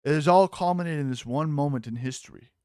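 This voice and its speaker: A man hosting a casual live-stream commentary, excitable and mocking, swearing freely. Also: a little high, fast, smooth, dry recording, clean studio sound.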